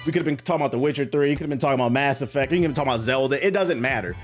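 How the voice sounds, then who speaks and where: A man's voice: mid-range voice, rapid-fire, faint music behind. A young man, ranting in casual, profane stream commentary. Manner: animated, slangy, profane rant. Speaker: streamer and content creator.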